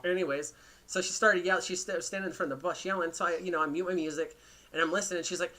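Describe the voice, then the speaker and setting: A man's voice: high voice, very fast, bright, forceful tone. A man hosting a podcast, telling a rambling, profane story in casual chat. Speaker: podcast host.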